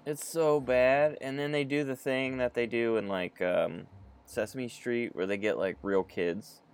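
A man's voice: mid-range voice, fairly even intonation, unhurried, clean tone. A young man in casual comedic chat, joking and swearing, rambling with many fillers.

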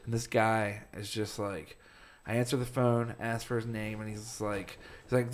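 A man's voice: fairly low pitch, level tone, moderate pace. A man co-hosting a casual podcast chat, telling a work story about phone calls and laughing as he acts out the callers. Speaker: podcast co-host; phone support worker.

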